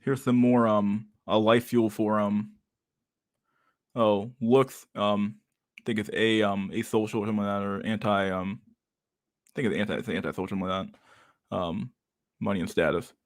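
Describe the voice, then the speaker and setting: A man's voice: on the low side, steady tone, normal speed, long pauses. A man giving casual, rambling livestream commentary on pictures, swearing constantly and laughing often. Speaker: streamer reacting to pictures.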